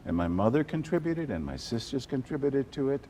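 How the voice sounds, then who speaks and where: An older man from South Texas, an animated storyteller who drops Spanish phrases into his answers during an interview. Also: mid-range voice, a little fast, a little hiss or hum. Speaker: journalist guest.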